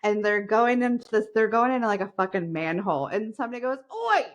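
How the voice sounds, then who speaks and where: A woman co-hosting a podcast in casual chat, joking and swearing as she tells animated stories about her kids and TV shows. She is from the United States. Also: a little high, quick pace, hardly any pauses. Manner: profane, joking, animated storytelling. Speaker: podcast co-host.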